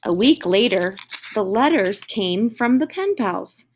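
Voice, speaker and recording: A woman reads a children's story aloud at an unhurried pace. Her delivery is expressive, and her voice rises when the young characters speak. Her pitch sits in a middle range. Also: a little hiss or hum. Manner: slow, expressive reading with lifted voices for the children's lines.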